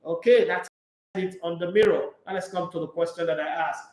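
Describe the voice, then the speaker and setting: A man hosting a solo sports talk show, reading transfer news aloud and breaking into animated, mocking rants. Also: on the high side, brisk, echoey room, rough recording.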